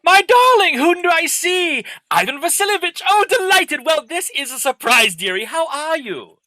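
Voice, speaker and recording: A man plays a fussy, effusive older father who gushes in flowery phrases. His voice sits very high and sounds bright and sharp. It is dry and close, as if on a video call. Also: lively intonation, fairly quick, dry recording, soft background music, full character voice. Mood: gushing. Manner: gushing, flowery, repeats "and all the rest of it". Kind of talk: Zoom play reading. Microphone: computer mic on video call.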